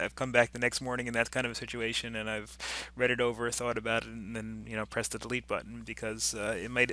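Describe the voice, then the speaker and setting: A man lecturing on a recorded business course, his voice bright and forceful at a middle pitch. He talks loosely and conversationally, often pausing on fillers and restarting his sentences.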